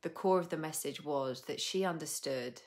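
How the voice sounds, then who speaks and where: A young adult woman with a low voice, chatting casually to viewers on a live stream. She rambles and laughs a lot. She drops the odd swear word without fuss. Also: moderate pace, a little mellow. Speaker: coach hosting a live stream.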